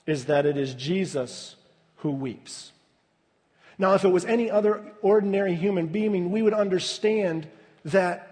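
A man preaching a sermon as pastor, in a measured way with soft, hushed dips. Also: high voice. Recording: reverberant hall.

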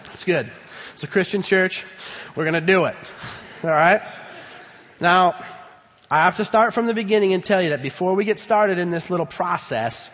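Emphatic high-voiced male pastor, hall reverb. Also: moderate pace, long pauses. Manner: emphatic, swings from loud bursts to low earnest tones. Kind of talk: sermon. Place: church sanctuary.

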